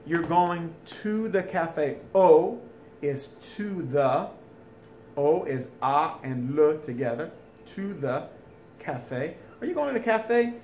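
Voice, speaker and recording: A man's voice: a little high, lively intonation, slow pace, a little mellow, slight background noise. A man teaching a French lesson in a recorded video, chatty, with folksy asides, recording from home. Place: home, during school closure.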